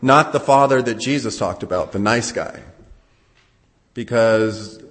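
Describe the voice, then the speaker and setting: A man teaching the Bible, explaining Greek words and slowing down to stress key phrases. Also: fairly low pitch, fairly bright tone, big-room sound.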